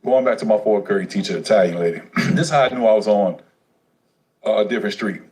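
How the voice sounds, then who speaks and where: A man telling his life story on a casual livestream, profane and streetwise, animated as he goes. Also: fairly low pitch, quick pace, rough recording.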